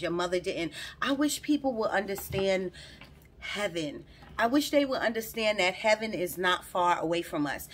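A woman doing a chatty tarot reading, recorded on her phone. Her voice is bright and forward, and she talks to her viewers in a loose, rambling way, circling back and repeating her words as they come to her. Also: medium pitch. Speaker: tarot reader. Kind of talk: casual spoken tarot reading to camera.

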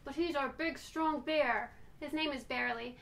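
A woman's voice: high voice, normal speed, creaky, fairly bright tone. A woman vlogger chatting casually to camera about her rescue dogs, affectionate and rambling, cooing at them now and then. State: out of breath.

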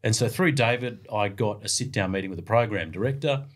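A man's voice: fairly low pitch, fairly quick. A middle-aged man with an Australian accent, a radio sports broadcaster telling casual anecdotes as a guest. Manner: lively yarn-spinning, plays out the voices of others.

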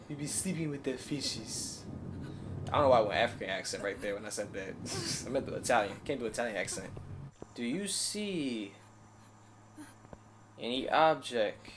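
A young man hosting a gaming channel, giving excitable running commentary to his viewers as he plays, often bursting into high-pitched yelling. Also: slight background noise. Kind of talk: live game commentary.

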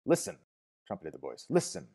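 Booming slow godlike voice from up above, guy putting it on, low and dark. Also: lively intonation. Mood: commanding. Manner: slow, solemn, swelling then fading.

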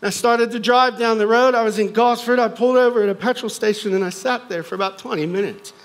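A man's voice: high voice, fast, poor audio. A middle-aged American man giving a personal testimony talk, earnest, with light self-deprecating humor. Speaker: guest speaker.

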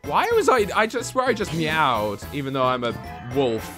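A man from England giving excitable let's-play commentary, shouting and squealing whenever he is in danger. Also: fairly high pitch, moderate pace, music in the background. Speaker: gaming YouTuber.

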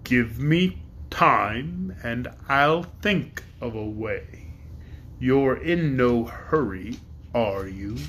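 A man voicing a great chief dragon, speaking slowly and deliberately in a lowered voice. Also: lively intonation, a bit bright, a little hiss or hum. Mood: stern. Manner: slow, deliberate and low.

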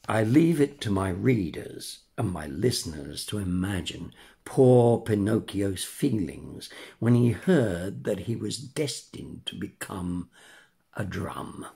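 Older man reading a storybook slowly. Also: medium pitch, gravelly. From England. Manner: measured, expressive. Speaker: narrator.

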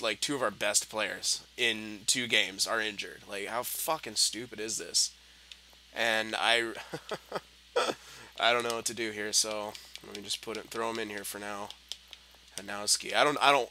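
A man's voice: fairly low pitch, steady tone, moderate pace, slight background noise. Frustrated young man commenting on gameplay. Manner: frustrated, swearing, muttering then yelling at the game. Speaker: gaming commentator.

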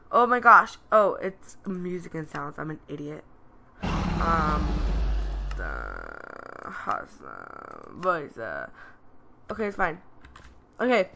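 A woman talks through her video game in a casual, excitable and self-deprecating way. Her voice is bright and edged, and she speaks at an unhurried pace. Keys click on a keyboard behind her. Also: on the low side. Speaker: gameplay commentator.

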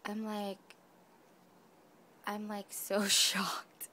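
A woman's voice: mid-range voice, completely flat delivery, drawn-out words, sharp tone, slight background noise. A woman craft vlogger gushing over gifts in a casual unboxing video, addressing her viewers directly. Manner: gushing, effusive, talks to viewers.

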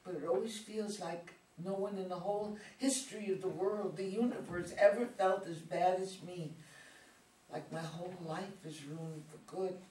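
A woman's voice: fairly low pitch, steady tone, moderate pace, dark tone, close to an everyday voice. A woman reading the part of an awkward, self-conscious teenage girl in a reader's theater play, talking in an emotional, rambling way. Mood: gloomy. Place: community theater reading room. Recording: echoey room, mic far off, some hiss.

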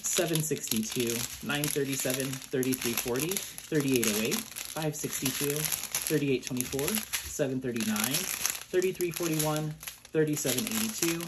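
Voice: mid-range voice, heavy background noise. Chatty, gushing hobby vlogger. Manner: chatty and gushing, with frequent fillers and laughs; reads out long lists of color numbers. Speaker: diamond painting hobby vlogger. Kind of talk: casual unboxing chat.

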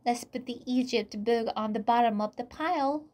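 A woman voicing an eager, bossy and curious young girl in a storybook reading, bright and urgent. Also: fairly high pitch, normal speed, natural voice.

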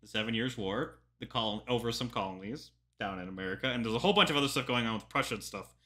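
Young man, historian reacting, very bright voice, chatty, jokey, lots of ums. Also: mid-range voice, fast talker. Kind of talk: casual reaction commentary.

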